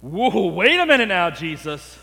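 A man's voice: sits high, very animated, a little slow, creaky, sharp tone, long reverb tail, faint music behind, heavily acted. A man voicing a skeptical crowd of listeners, exasperated and arguing back in disbelief. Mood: incredulous. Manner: incredulous, arguing back, mock-pleading.

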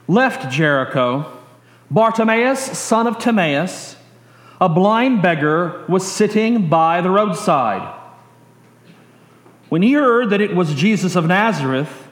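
A man preaching a sermon, slow and emphatic, leading the congregation in call and response. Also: sits high, animated. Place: church sanctuary. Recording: echoey hall with long reverb.

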